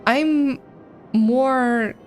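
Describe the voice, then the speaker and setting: A woman streaming a video game live, chatting in an excitable, rambling way with a mixed accent that is hard to place. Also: sits high, very slow, faint music behind. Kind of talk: live gameplay commentary, reading chat.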